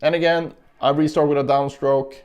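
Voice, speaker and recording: A man's voice: a little high, flat delivery, moderate pace, darkish tone, highs cut off. A man giving a casual guitar lesson, explaining picking and counting beats aloud as he demonstrates. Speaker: guitar teacher. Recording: guitar playing in between.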